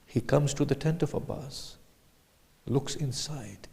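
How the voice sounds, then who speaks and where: A man giving a sermon, retelling a tragic story slowly, swinging from hushed whispers to loud anguished cries. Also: medium pitch, vocal fry, big-room sound. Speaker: lecturer.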